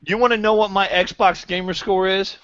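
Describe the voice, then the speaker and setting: A man's voice: high voice, moderate pace, no room sound, dull audio. A man co-hosting a podcast, trading playful, boastful jokes in casual banter. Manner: playful, boastful deadpan bits. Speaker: podcast co-host.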